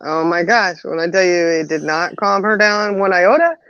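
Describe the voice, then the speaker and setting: This livestream chat host has a lowish, slightly bright voice and talks at a normal speed, spinning stories and laughing a lot. There's no room sound, and the audio comes across as dry, dull, and lo-fi.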